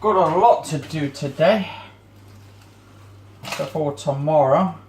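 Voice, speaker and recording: A man's voice: on the high side, slow, darkish tone, echoey room, slight background noise. A man vlogging in a casual, rambling way while he cleans his home kitchen, often searching for words.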